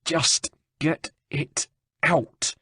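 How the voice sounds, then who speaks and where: A man's voice: fairly high pitch, fairly even intonation, very slow, husky, dry recording, studio quality, pitched above the performer's own voice, exaggerated voice. A male narrator voicing a wounded young woman thief who snarls and curses at her healer. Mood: furious. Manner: snarling, cursing, sharp-tongued.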